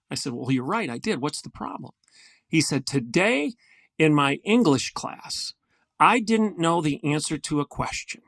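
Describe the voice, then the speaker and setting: Older male podcast guest, gravelly and fairly high-pitched, earnest and emphatic, dry close sound. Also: sing-song, normal speed, a bit bright, dry recording. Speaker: guest, former university president. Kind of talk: podcast interview storytelling.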